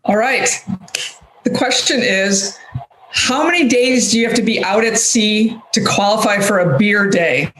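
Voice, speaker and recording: A man's voice: sits high, measured pace, fairly bright tone, roomy sound, slight background noise, rough recording. A man with a Midwestern American accent running a quiz round for the Navy team, laughing often as he talks. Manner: laughs often while talking. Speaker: Navy team panel player. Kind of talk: casual game-show banter.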